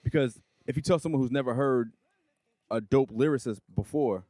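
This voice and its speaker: A man's voice: mid-range voice, moderate pace, mellow, dry recording. A man in casual chat, insisting on his point and repeating himself to get heard.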